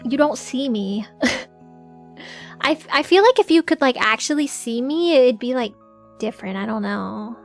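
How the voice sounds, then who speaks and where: A young woman streamer chats casually to her audience in a fairly high voice. She giggles often and scatters "like" through her sentences. Soft music plays quietly behind her. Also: lively intonation, moderate pace, long pauses. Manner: chatty, giggly, full of filler "like"s. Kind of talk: casual live-stream chat.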